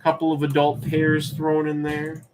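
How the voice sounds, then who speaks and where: A man hosting a live-streamed auction, chatting casually in a relaxed, rambling way as he answers chat questions between calls. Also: a little high, measured pace, slight background noise. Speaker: livestream auction host.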